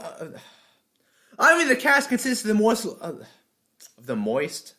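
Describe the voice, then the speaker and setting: A man recording an anime review, shouting lines with energy between low, mumbled, profane asides and retakes. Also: huge pitch swings, unhurried, long pauses. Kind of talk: unscripted commentary recording with retakes.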